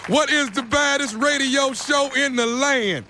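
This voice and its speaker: A man making a radio prank call, fast and confrontational, with stammering restarts. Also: extremely high pitch, sharp tone, slight background noise.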